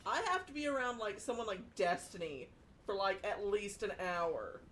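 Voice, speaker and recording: Animated woman with a Southern US accent. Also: mid-range voice, moderate pace, a little hiss or hum. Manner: lively storytelling, swearing. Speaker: streamer. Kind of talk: casual chat while gaming. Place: home, streaming.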